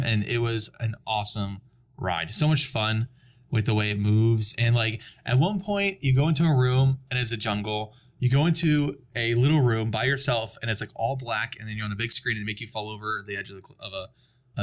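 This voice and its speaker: A man's voice: medium pitch, a little fast. Chatty man telling a long theme park story. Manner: animated storyteller acting out quoted people. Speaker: podcast guest. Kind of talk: casual chat.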